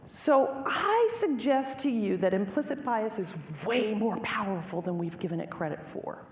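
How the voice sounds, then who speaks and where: A middle-aged woman giving a lecture, telling a personal story in an animated, emphatic way and speaking directly to the audience. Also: medium pitch, moderate pace. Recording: echoey hall with faint ambience.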